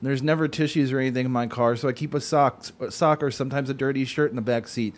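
A man's voice: mid-range voice, fairly even intonation, quick pace. A man co-hosting a podcast, blunt and exasperated, swearing often. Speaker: podcast co-host. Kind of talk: casual chat.

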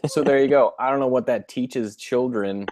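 A man's voice: medium pitch, moderate pace, darkish tone, no room sound. A man co-hosting a podcast, riffing in casual comedic chat and breaking into voices. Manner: rambling, riffing, mimics voices. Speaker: podcast co-host.

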